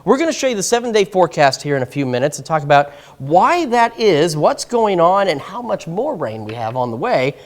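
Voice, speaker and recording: Man, morning TV weatherman, breathless, high animated voice, rambling and flustered. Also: fairly quick, hardly any pauses. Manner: flustered, chatty, self-interrupting. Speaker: weather anchor. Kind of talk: live morning TV weather forecast. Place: TV news studio.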